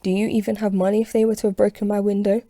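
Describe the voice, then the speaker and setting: A woman's voice: medium pitch, level tone, racing, mellow, no room sound, studio quality, lightly acted. A woman voicing an angry businessman in a suit in a storybook reading, speaking in an indignant, complaining way. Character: angry suited businessman, male adult, brusque.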